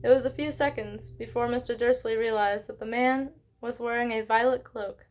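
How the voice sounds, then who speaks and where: A woman reading a children's novel aloud in an expressive way, with small slips and self-corrections. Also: fairly high pitch, moderate pace. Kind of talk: read-along book narration.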